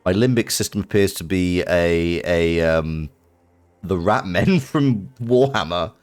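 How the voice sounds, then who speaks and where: A man's voice: low voice, a little slow, clean tone. A British man streaming a video game live, reacting with amused laughter. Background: faint game music.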